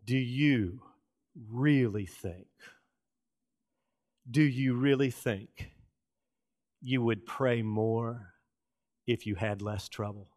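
A middle-aged man preaching a sermon from Texas, telling folksy stories with dramatic pauses and asides. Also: medium pitch, darkish tone. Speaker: pastor.

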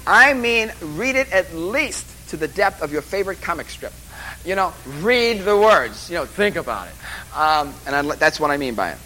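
A man's voice: fairly high pitch, sing-song, normal speed, bright, forceful tone, a little hiss or hum, poor audio. A man lecturing a class at a course orientation, rambling and joking with emphatic asides. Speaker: college instructor.

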